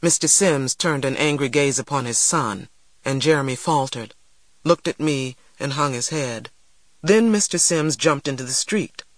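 A man giving earnest, measured scripted narration of a first-person novel. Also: mid-range voice, dry recording. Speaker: audiobook narrator.

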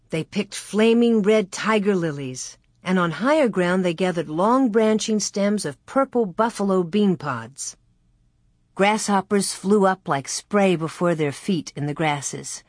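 An audiobook narrator reading a story in a slow, measured storytelling manner into a close studio mic. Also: medium pitch, no echo. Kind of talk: scripted narration.

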